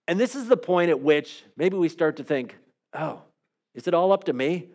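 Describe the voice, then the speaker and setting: A man's voice: fairly high pitch, animated, normal speed, a little mellow. A male pastor preaching a sermon in a conversational, earnest way, often acting out the voices of people he quotes.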